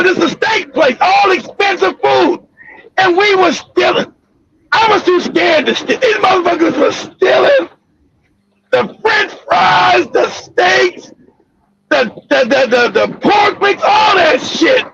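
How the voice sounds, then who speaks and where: A very high-pitched, gravelly man tells a story at full volume. He shouts, stretches his words and acts out the other people. The sound is muffled and lo-fi, with faint noise behind him. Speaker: co-host telling a story. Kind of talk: loud casual storytelling.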